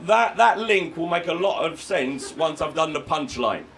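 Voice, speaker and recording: UK stand-up, male, high and lively delivery, crude sardonic humour. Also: moderate pace, vocal fry, poor audio. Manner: crude, sardonic, erupts into shouted rants in character. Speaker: stand-up comedian. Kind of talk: live stand-up routine. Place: comedy venue with live audience.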